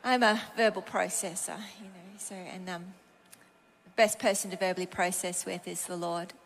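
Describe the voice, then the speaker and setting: A woman's voice: lowish voice, normal speed, a little hiss or hum. A middle-aged Australian woman preaching a sermon, telling personal stories and acting out her own prayers and conversations. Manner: animated, acts out her own prayers and dialogue.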